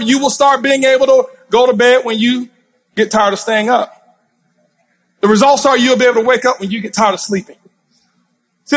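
Man, motivational stage speech, intense, yelling, very high-pitched voice. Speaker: motivational speaker. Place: stage before a live audience.

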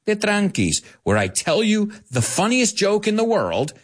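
A man with a slightly husky voice teaches English on a live show. His pitch swings all over the place as he jokes with his viewers. He drops Spanish phrases into his explanations. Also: measured pace. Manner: playful, animated, jokes with viewers. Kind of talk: live language lesson.

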